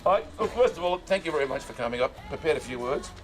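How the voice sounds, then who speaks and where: A man's voice: on the high side, animated, rapid-fire, over music. A man, giving a loose, self-mocking birthday speech. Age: 60s. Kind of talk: party speech. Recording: busy party crowd loud behind.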